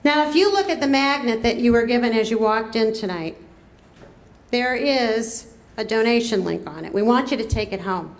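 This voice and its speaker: With a high, lively intonation, a woman acting as campaign co-chair rallies a crowd in a cafe event room, drawing her words out and calling to them with rising inflection. The room is echoey and murmurs with the crowd.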